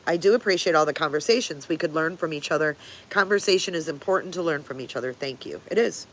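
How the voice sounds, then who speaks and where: A woman's voice: sits low, fast, a little hiss or hum. An older woman hosts a casual livestream and answers her viewers one by one. She is blunt and swears freely, with frequent chuckles. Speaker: livestream host.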